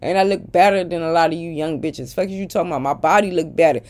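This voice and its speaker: Middle-aged woman, lower pitch, blunt and profane, casual confrontational vlog rant. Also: quick pace, a little mellow. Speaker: social media personality.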